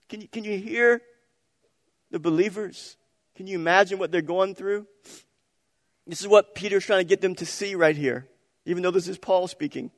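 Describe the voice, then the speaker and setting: A man preaching a sermon as pastor, moving between quiet prayerful reading and loud calls for the congregation to answer back. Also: sits high, normal speed, pauses often, clean studio sound. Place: church sanctuary. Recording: long reverb of a large hall.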